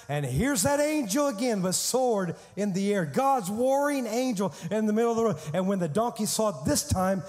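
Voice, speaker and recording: A male pastor preaching a sermon, telling a story in an animated way with humor. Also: high voice, in a large hall.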